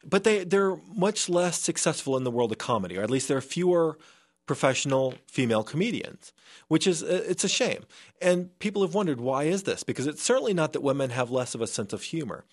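A man's voice: a little high, sing-song, fairly quick. Earnest man, a scientist guest. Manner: earnest, with frequent restarts and fillers. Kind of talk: remote radio interview.

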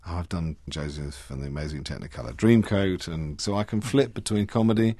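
A middle-aged British actor chatting as an interview guest, warm and rambling with frequent restarts. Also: male voice, sits low, fairly quick, no room sound. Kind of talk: interview chat.

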